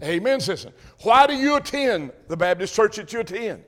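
A man preaching an emphatic sermon to his congregation, repeating phrases and rising to shouts. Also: high voice, very animated, moderate pace. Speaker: Baptist preacher.

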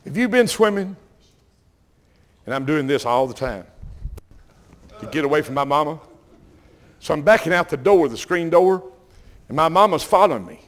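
An older Southern man preaches in a folksy, animated storytelling style. His voice sits a little high for a man, and he keeps calling out to the congregation as he goes. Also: moderate pace, pauses often. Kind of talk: sermon storytelling.

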